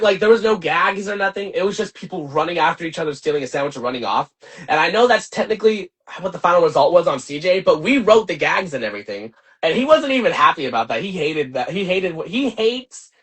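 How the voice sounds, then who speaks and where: A young man venting in a casual livestream rant, animated, profane and rambling with lots of fillers. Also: sits high, slightly rough. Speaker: channel host and filmmaker.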